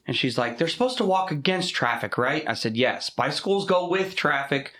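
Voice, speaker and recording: Animated, profane man telling stories. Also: on the high side, normal speed, roomy sound. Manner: profane, animated storytelling with laughs. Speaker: podcast co-host. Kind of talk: casual chat.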